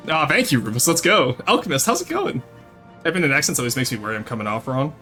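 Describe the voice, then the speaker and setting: Over soft background music, a young Ontario man live-streams, talking fast in a sharp, highish voice with big swings in pitch. He reads chat, hops between French and English, and laughs a lot.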